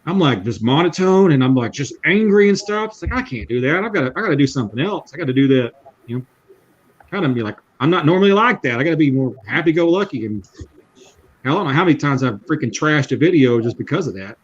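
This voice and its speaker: A man's voice: fairly high pitch, animated, fast, husky, highs cut off. Easygoing man telling shop stories. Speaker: YouTube mechanic, guest on livestream. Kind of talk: casual livestream chat.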